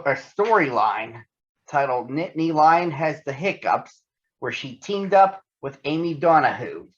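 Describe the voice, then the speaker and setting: A man reading a children's storybook aloud in a gentle storytelling manner, on a dull lo-fi recording. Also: medium pitch. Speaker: storybook reader. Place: outdoors on a hike.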